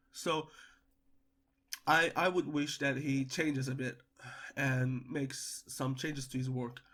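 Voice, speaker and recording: Animated young man reviewing a film. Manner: hesitant, lots of stammered repeats and fillers; animated, pitch jumping up when emphatic. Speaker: movie reviewer. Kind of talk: casual spoken movie review.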